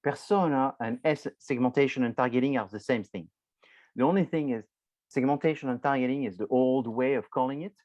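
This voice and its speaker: A man's voice: medium pitch, a little mellow, dry recording, dull audio. A man lecturing a university marketing class, explaining loosely with many restarts and filler words, addressing students directly.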